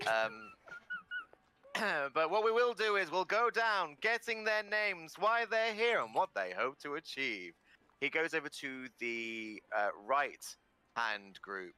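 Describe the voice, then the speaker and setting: A man narrating a tabletop game as game master, animated and often laughing. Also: a little high, a little slow, smooth.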